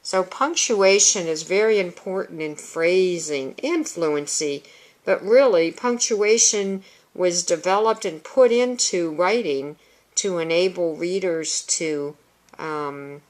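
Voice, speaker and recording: A woman speaks in a lower register at an unhurried, measured pace as she explains reading instruction methods. She breaks off to read children's book lines aloud as examples, teacher to student. It is recorded on a small handheld video camera. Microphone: handheld consumer video camera.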